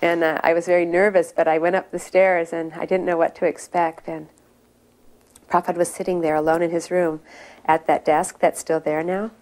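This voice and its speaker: A middle-aged woman telling an earnest personal story about her past, with many pauses and fillers. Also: lowish voice, level tone, a little mellow. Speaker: devotee recounting memories. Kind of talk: personal reminiscence.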